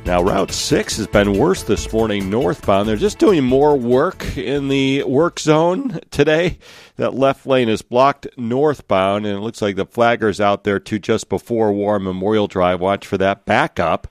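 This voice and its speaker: A man's voice: lowish voice, a little slow, dry recording, faint music behind. A man giving a live radio traffic report in a conversational way, shifting his pace from one road update to the next.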